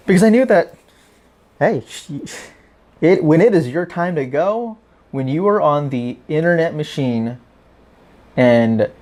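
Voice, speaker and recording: A male podcast host talks at an unhurried, slow pace in a casual monologue. His voice sits at a medium pitch, and his delivery is wry and joking. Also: animated, darkish tone.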